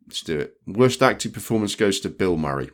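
A man's voice: sits low, expressive, a little fast. A man co-hosting a film podcast, talking bluntly and swearing, with many restarts. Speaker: podcast co-host. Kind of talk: casual film chat.

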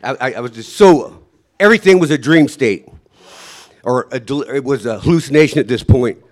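Expressive and medium-pitched, a man recounts a survival story from his own life. He speaks haltingly and emotionally, often drifting off and beginning anew, and acts out the shouting he did.

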